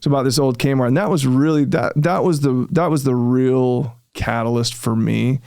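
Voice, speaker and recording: A man, a real estate developer being interviewed, telling his story in a casual, animated way and often acting out what he said at the time. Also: mid-range voice, normal speed, gravelly, dry recording, clean studio sound. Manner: animated, reenacts his own past remarks, frequent fillers.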